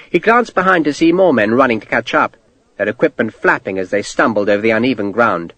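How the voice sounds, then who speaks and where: Expressive male audiobook narrator. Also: mid-range voice, fairly quick, dry recording. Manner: expressive storytelling delivery. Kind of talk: scripted narration.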